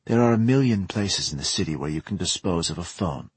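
A man's voice: low-pitched, animated, brisk, slightly rough, no echo, heavily acted. Man voicing a condescending female sleeper agent. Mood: petulant. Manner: condescending, petulant.

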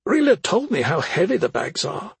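A woman's voice: on the low side, very animated, normal speed, gravelly, slightly rough, no echo, pitched above the performer's own voice, heavily acted. A man reading an audiobook, voicing a worried middle-aged mother who questions her son sharply and skeptically. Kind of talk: audiobook character voice.

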